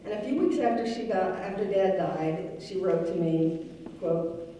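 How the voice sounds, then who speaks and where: A middle-aged woman giving a wry, gently humorous memorial tribute to her late father. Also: lowish voice, measured pace. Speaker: daughter giving a eulogy. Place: large synagogue hall. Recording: echoey hall, mic far off.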